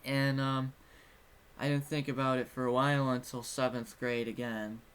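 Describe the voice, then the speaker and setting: A man's voice: medium pitch, little pitch movement, normal speed, fairly bright tone, clean tone. A young man telling a personal story in a casual vlog, rambling and frank, swearing now and then. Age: young adult. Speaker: vlogger.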